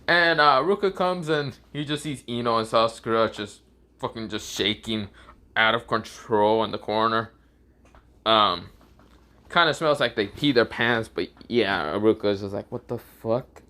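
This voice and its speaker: A man improvising a fan story out loud in a casual, swearing, often laughing way, with frequent restarts. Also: on the low side, unhurried.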